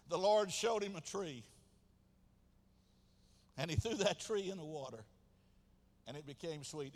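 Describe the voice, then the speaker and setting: A man, preaching a sermon as pastor, swinging from quiet asides to loud shouted passages. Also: fairly high pitch. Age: 70s. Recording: long hall reverb.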